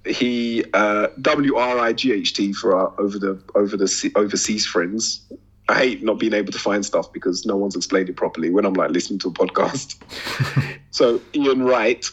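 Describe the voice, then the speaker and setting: A man's voice: lowish voice, moderate pace, husky, dull audio. A man co-hosting a podcast in casual chat, telling stories with laughter and swearing. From Britain. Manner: animated, swearing, laughing storyteller. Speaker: podcast co-host.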